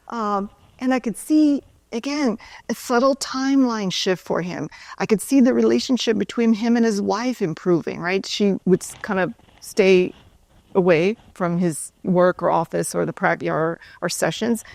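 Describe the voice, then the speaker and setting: In a storytelling talk, a woman who used to teach yoga and Pilates speaks conversationally and keeps asking "right?" Her medium-pitched voice is animated but a little slow, darkish, with vocal fry. There's no reverb on the recording.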